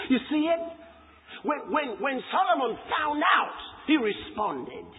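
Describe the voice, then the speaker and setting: A man preaching a sermon, emphatic, repeating words and shouting for stress. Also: extremely high pitch, sing-song, measured pace. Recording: echoey hall, tinny lo-fi sound.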